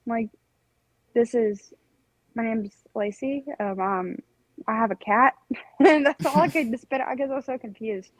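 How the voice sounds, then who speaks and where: Casting: young woman, podcast co-host, animated rambling storyteller, dry close sound. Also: on the high side, a little slow, long pauses, dry recording, rough recording. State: recovering from strep throat. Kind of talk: casual chat, storytelling.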